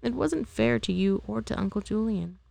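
A woman reading aloud, voicing an earnest young woman who gently scolds her younger sister. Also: medium pitch, lively intonation, normal speed, vocal fry, no echo, pitched above the performer's own voice. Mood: chiding.

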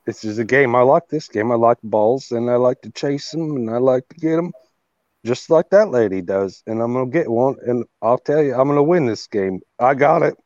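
A man's voice: medium pitch, normal speed, darkish tone, dry recording, highs cut off, natural voice. A man voicing a playful, boastful male dog that steals a ball, in a put-on British accent and with cocky, gleeful running commentary.

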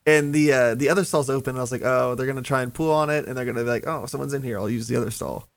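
A man hosting a podcast, telling a story in a casual, animated way and acting out what people said. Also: mid-range voice, very fast, gravelly, dry recording. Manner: animated, acts out the dialogue. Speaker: podcast host.

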